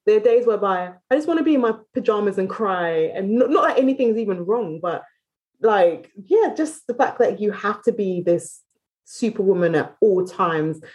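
A woman's voice: mid-range voice, animated, darkish tone, muffled recording. Candid British woman guest. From Britain. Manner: open, quick-talking, often restarting phrases. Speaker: podcast guest. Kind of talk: candid casual chat.

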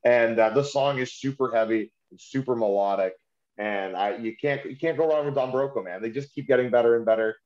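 Podcast co-host, adult man, mid voice, relaxed and wry, slightly muffled lo-fi mic. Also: mid-range voice, fairly quick. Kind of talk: casual chat. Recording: slightly dull sound.

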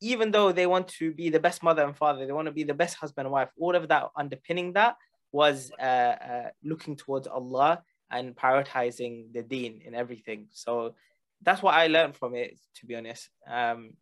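A man hosting an Islamic talk show, relaxed and a little hesitant, with fillers between his thoughts. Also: a little high, a little fast. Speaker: host.

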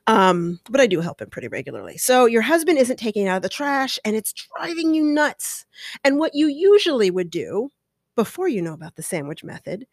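A middle-aged woman talks casually into a close mic, chatty and animated. Her voice sits in a middle register and the sound is dry, with no room around it. She slips into higher voices to act out little scenes. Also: fairly quick, no room sound. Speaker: podcast host. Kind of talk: casual advice talk.

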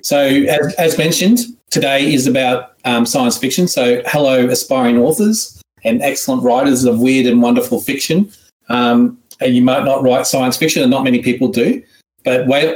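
A man's voice: medium pitch, fairly even intonation, moderate pace, darkish tone. A man with an Australian accent hosts an online writing seminar in a casual, joking, rambling way with frequent restarts. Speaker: seminar host. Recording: roomy echo.

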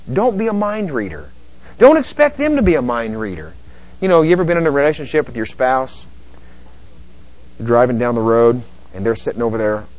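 Animated male pastor with lively pitch. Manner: animated preaching, acting out both sides of dialogues. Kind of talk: sermon. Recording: dull lo-fi sermon recording.

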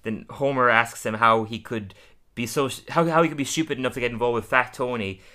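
A man with a bright, clear-toned voice at an ordinary pitch talks through a cartoon episode scene by scene. He laughs often and slips into quick character voices. The tone is casual podcast chat. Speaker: podcast co-host.

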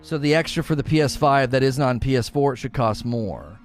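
A man's voice: medium pitch, fairly quick, soft background music. A man hosting a gaming talk show, ranting in an exasperated, emphatic way to his co-hosts. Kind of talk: opinionated gaming commentary.

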